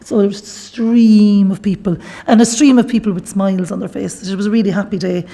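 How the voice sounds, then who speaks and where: Gravelly, warm Irish woman telling her story. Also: medium pitch, fairly even intonation, fairly quick. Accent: Irish, Galway. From Ireland. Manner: chatty, earnest storyteller with devout asides. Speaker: guest speaker at a workshop. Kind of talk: personal testimony talk.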